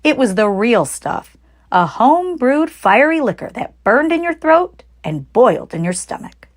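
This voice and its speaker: Woman reading a kids' book out loud, super lively up and down voice. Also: a little high, unhurried. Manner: expressive storytelling. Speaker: audiobook narrator. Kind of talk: reading a children's book aloud.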